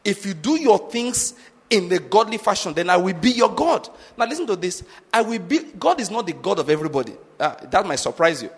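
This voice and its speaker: A male pastor preaching with insistent emphasis, often pausing to ask whether the congregation is following. His voice sits a little high for a man. The sound carries a long, hall-like reverb. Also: big pitch swings, slightly rough. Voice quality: emphatic, drives points home with repeated check-in questions. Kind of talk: sermon.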